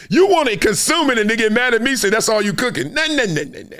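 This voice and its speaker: A man's voice: very high-pitched, very animated, quick pace, a bit bright. A middle-aged man, a former football player, hosting a solo sports commentary show in an emphatic, conversational way, often tossing in "right?".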